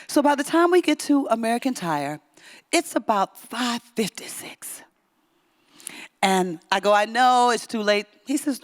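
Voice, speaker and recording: A woman delivers a Sunday talk as a storyteller. Her pitch swings widely as she acts out different voices. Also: very animated, a little slow, pauses often, fairly bright tone. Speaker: guest speaker.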